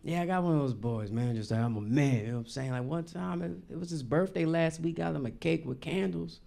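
A man performing a stand-up comedy set on a live stage, talking in a loose, slangy way and acting out characters in quick quotes. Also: a little high, gravelly, dark tone. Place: live venue stage with audience.

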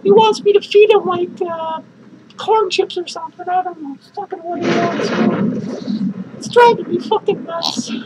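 A man playing a lonely, bitter, foul-mouthed female clown in a comedic horror-movie review skit, rambling and swearing in a shrill falsetto. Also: normal speed, background noise. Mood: frantic. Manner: rambling, swearing, cackling between lines.

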